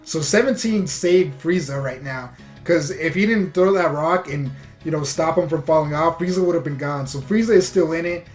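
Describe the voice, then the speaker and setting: A man with a slightly raised voice talks through an episode recap in a loose, rambling way, stumbling over words and leaning on fillers. Faint music plays quietly behind him. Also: a little high, normal speed. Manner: rambling, filler-heavy retelling with frequent restarts. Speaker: anime reviewer.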